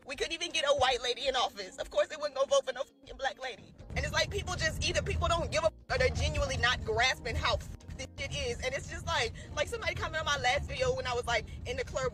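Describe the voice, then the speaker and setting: A woman ranting bluntly and profanely in a casual vlog, exasperated. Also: sits high.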